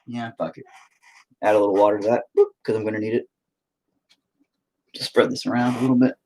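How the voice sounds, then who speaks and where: A man's voice: lowish voice, steady tone, brisk, warm tone. A young man hosting a painting stream, rambling and joking crudely while he paints and reads chat aloud. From United States. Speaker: painting livestream host.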